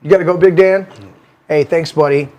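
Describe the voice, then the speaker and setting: A man hosting a casual podcast, joking loudly, swearing and cutting in on his co-hosts. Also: fairly high pitch, steady tone, brisk. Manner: loud, joking, profane, interrupting. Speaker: host. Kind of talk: casual banter.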